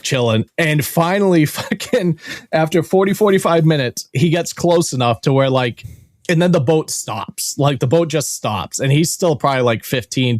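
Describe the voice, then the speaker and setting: A man hosts a podcast in a casual, animated way, swearing freely as he tells a story. His voice sits fairly high for a man. The sound is close and dry, with no room around it. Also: no echo. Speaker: podcast host. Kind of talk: casual chat.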